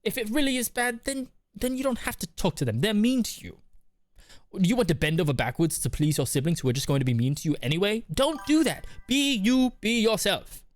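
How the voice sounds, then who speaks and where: A man's voice: expressive, fairly quick, dry recording. A man putting on a British accent to play an earnest advice-giver, talking emphatically. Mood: emphatic. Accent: put-on British. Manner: emphatic, raised pitch.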